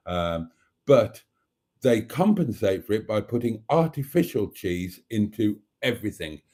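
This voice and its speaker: Middle-aged British male host, rambling live-stream chat, dark mellow tone, dry humour. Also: fairly low pitch. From Britain. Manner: chatty and rambling, with dry jokes and mock outrage. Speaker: livestream host reading viewer comments.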